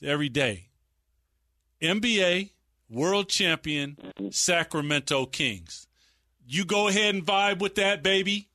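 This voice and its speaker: Bright-voiced, hyped man hosting. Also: sits high, animated, takes it slowly, no echo, clean studio sound. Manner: hyped, playful, slangy. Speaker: host. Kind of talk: casual chat.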